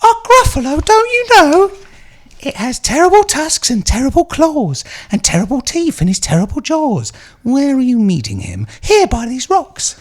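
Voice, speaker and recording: A man voicing a savvy, cheeky little male mouse in a high squeaky voice. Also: huge pitch swings, normal speed, heavily acted.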